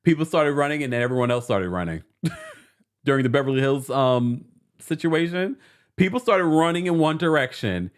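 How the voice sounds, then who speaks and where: Animated, chatty man recapping TV. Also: fairly high pitch, moderate pace. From New York City. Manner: animated and chatty, laughing often. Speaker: host of a reality TV recap show. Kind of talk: casual livestream chat, reading viewer comments.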